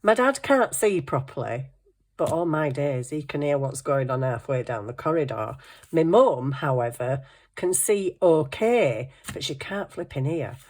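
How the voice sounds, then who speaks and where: A woman's voice: deep voice, expressive, unhurried, darkish tone. A middle-aged woman, telling stories in casual chat and laughing often. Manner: chatty storytelling, laughing often. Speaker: craft vlogger.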